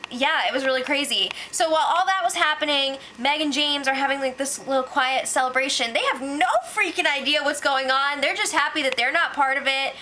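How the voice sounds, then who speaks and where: A woman recapping reality TV for her vlog in a loose, gossipy way, dropping "like" into every other phrase. Her voice sits a little high and sounds bright and forward. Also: slight background noise, rough recording. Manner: chatty, fills with "like", acts out quotes. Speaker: reality show recap vlogger. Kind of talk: casual spoiler recap.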